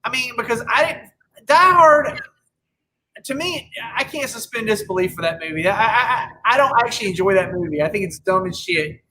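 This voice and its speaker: A man with a bright, forceful voice rambles through casual podcast chat, stacking up opinions and tripping over his own restarts. A faint noise sits under the recording. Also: high-pitched, animated, brisk, poor audio. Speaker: podcast co-host.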